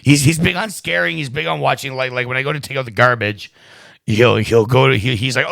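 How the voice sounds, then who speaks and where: A man's voice: mid-range voice, fairly quick, creaky, a bit bright, no echo. A young man, a podcast guest, telling stories in casual chat, swearing a lot and laughing often.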